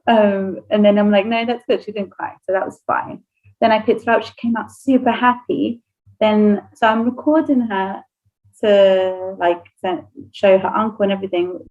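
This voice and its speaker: A woman's voice: mid-range voice, steady tone, normal speed, darkish tone, highs cut off. A woman, a nursery owner whose first language is Spanish, casually telling an emotional personal story on a podcast and laughing often.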